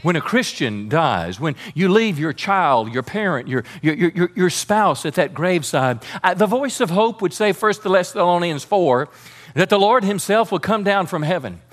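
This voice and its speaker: A man's voice: high voice, expressive, normal speed. A man preaching a sermon as pastor, fervent and calling on the congregation to respond.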